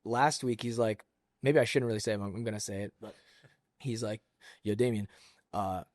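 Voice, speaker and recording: A man's voice: on the low side, steady tone, normal speed, a little mellow, no echo, clean studio sound. A man who coaches jiu-jitsu, a guest on a casual podcast, swearing freely and telling stories where he acts out other people's lines.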